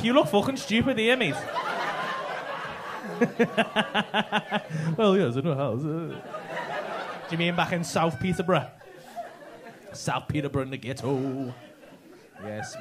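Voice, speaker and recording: High-pitched sweary comedian. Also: male voice, lively intonation, a little slow, long pauses. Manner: teasing, sweary, banter with audience members. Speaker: stand-up comedian. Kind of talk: crowd work at a comedy club. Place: comedy club stage. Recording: live club with loud audience noise.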